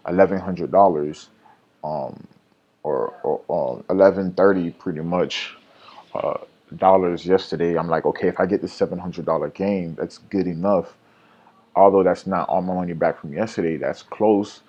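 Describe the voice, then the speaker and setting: A man's voice: deep voice, moderate pace, dark tone, lo-fi sound. A man recapping his day trades in a casual vlog, rambling and self-critical, with lots of fillers and restarts.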